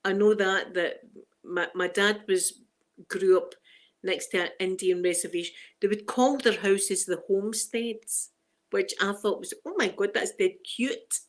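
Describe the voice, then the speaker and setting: A woman's voice: mid-range voice, steady tone, unhurried. Scottish woman, live-stream host, rambling chatty delivery, laughs easily. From Scotland. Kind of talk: casual chat with live viewers.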